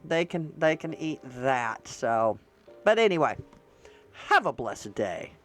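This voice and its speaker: A woman's voice: a bass voice, very animated, slow, faint music behind. A woman vlogger chatting casually to her viewers about politics and holidays, rambling and using slang.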